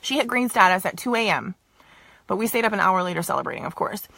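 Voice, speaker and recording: A woman's voice: mid-range voice, quick pace, creaky, bright, forceful tone, dry recording. A young woman giving a motivational talk to her viewers, emphatic and repetitive, often asking "okay, you guys?". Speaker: direct sales team leader.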